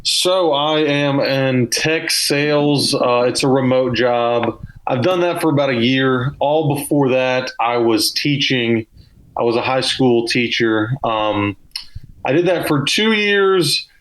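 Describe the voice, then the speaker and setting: A man's voice: mid-range voice, slow, a bit bright, poor audio. A young man with a Southern US accent, a comedian telling loose, self-deprecating stories as a guest in a casual podcast interview.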